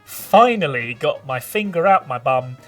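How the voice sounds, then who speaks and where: A man's voice: fairly high pitch, measured pace. A man co-hosting a casual tabletop gaming podcast, telling stories in a rambling way with frequent laughter. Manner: rambling, laughing, lively storyteller. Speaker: podcast co-host and game master. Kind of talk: casual chat. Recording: distant from the mic with faint music.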